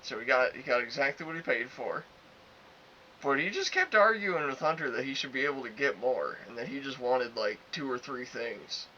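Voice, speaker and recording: A man's voice: mid-range voice, normal speed, pushed and bright. A young man casually telling a crude, ranting story as a podcast co-host. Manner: crude, ranting, acts out both sides of arguments. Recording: slightly dull, faint hiss.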